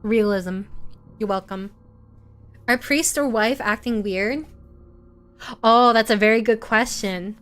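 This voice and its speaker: A woman's voice: on the high side, slow pace, pauses often, a bit bright. A woman streamer narrating an interactive horror story for her viewers as game master, in a playful, teasing way as she reads out chat comments.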